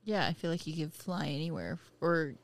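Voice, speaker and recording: A woman's voice: deep voice, moderate pace. A woman telling a funny story at a podcast dinner table, often breaking into giggles partway through her sentences. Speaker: host's wife, guest. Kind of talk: casual storytelling.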